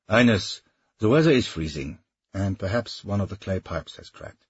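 A man voicing a cautious, aging royal adviser who speaks in a measured, deferential way in an audiobook. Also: low voice, lively intonation, slightly rough, no room sound, dull audio.

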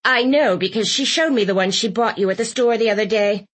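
A woman's voice: fairly high pitch, brisk, a bit bright. A woman voicing a bossy, blunt elderly aunt who barks her words with scorn. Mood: scornful. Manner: barking, scornful.

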